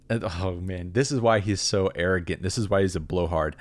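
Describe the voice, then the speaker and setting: A man teaching a Bible passage in a relaxed, conversational way, with wry asides. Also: sits low, fairly quick, hardly any pauses, no echo. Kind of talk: casual scripture commentary.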